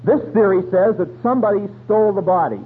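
Folksy high-voiced radio preacher. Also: male voice, quick pace, husky. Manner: folksy, colloquial storytelling with slang. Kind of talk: radio sermon. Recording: tinny radio broadcast with faint hum.

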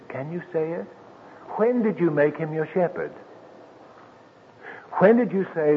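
A man preaching a sermon, slow and emphatic, dropping soft and then lifting his voice again. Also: on the high side, husky. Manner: slow, emphatic, with soft drops and sudden lifts. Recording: tinny old radio broadcast with long reverb.

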